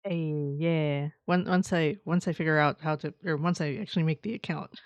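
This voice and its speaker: A woman streamer chatting casually with her viewers, excitable and quick to laugh. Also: deep voice, smooth, no echo, highs cut off. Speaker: live streamer. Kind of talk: casual live-stream chat reading viewer messages.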